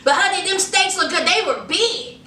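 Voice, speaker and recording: A woman recapping a reality show in sassy, animated casual commentary, acting out what the cast said. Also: very high-pitched, moderate pace, a little hiss or hum. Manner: sassy, animated, acts out quotes. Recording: echoey room, from far off.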